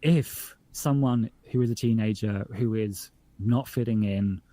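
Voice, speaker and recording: A man's voice: on the low side, unhurried, no echo. A man from northern England, a podcast creator, talking casually in an interview, often restarting his sentences and livening up when he tells jokes. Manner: chatty, self-correcting, animated when telling jokes.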